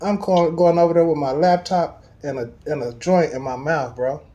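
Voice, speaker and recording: A man in casual chat, telling a personal story with animated emphasis and street slang. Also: on the high side, moderate pace, highs cut off.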